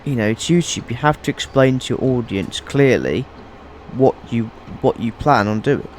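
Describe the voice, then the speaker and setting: A man's voice: medium pitch, normal speed, a little mellow, slight background noise. A man giving casual gameplay commentary as a YouTuber, often restarting his sentences and wandering into asides. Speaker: gaming YouTuber.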